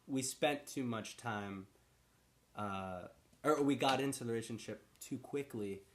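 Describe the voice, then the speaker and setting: Chill guy cohosting a podcast, rambly, laughs a lot, medium pitch. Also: measured pace. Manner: relaxed, rambling, laughs easily. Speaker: podcast co-host. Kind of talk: casual chat.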